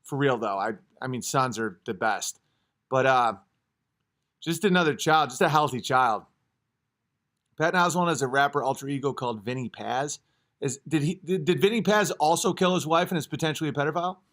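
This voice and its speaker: A man's voice: mid-range voice, fairly quick. A man in his thirties hosting a casual livestream, rambling and joking as he answers chat comments. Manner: rambling, joking, swings to loud acted outbursts. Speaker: livestream host.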